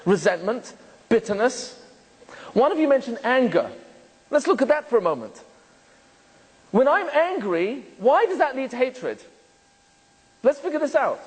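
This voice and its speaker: A rabbi giving a lecture to an audience, asking them many questions and joking with the room. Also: male voice, high-pitched, long reverb tail, poor audio. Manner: jokes and laughs with the room.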